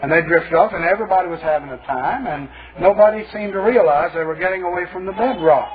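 A man's voice: high-pitched, fast. A man preaching a sermon, telling stories in a folksy, emphatic, wry way. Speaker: pastor. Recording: tinny phone-like old tape.

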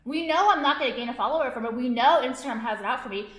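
A woman's voice: high voice, expressive, racing, fairly bright tone. Profane, exasperated young woman ranting. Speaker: vlogger. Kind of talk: casual ranting to camera. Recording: echoey room.

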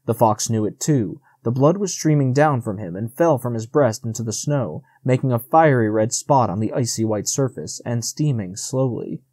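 A man narrating a classic novel as an audiobook, steady and measured at a middling pitch. The recording is dry and close-miked, with no room sound. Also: husky, no echo.

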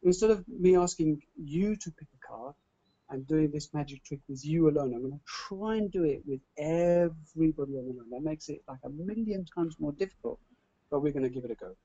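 Slightly high and slightly quick, a man's voice comes through lo-fi audio as he hosts an online webinar. He plays the showman, repeats his words as he goes, and trips over himself when excitement takes hold.

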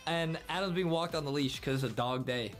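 A man's voice: on the high side, a little fast, over music. A young man co-hosting a gaming video, teasing his friend and repeating silly catchphrases. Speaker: co-host. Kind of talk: playful gaming banter.

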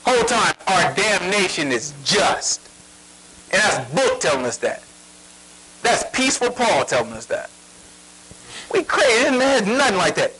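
Male preacher, emphatic, rhetorical questions, high pitch, bright tone. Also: husky, rough recording. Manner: emphatic, asks rhetorical questions, prods the reader. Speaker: Bible teacher. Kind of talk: sermon.

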